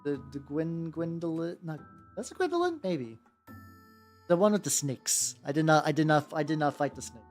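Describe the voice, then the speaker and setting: A man's voice: on the high side, very animated, normal speed, darkish tone. Rambling, sing-song male streamer. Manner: rambling and joking, often swearing; chats with viewers while painting. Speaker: streamer painting miniatures. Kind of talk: casual live-stream chat. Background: faint background music.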